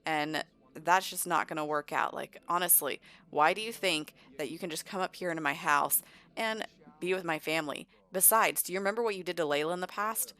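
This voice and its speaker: Indignant vampire dad, voiced by a woman: firm, loud, exasperated. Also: fairly low pitch, fairly quick. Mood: angry. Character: protective young vampire husband and father, indignant. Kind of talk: voicing game characters.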